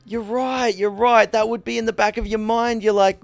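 Young aussie guy chatting, gravelly voice, kinda higher pitch, dry close sound. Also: flat delivery, normal speed, no echo, faint music behind. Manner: rambling, self-deprecating, acts out little dialogues. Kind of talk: casual chat.

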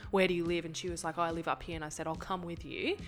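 A young woman telling a story in casual chat, animated, swearing and acting out the people she quotes. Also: fairly low pitch, rapid-fire, faint music behind.

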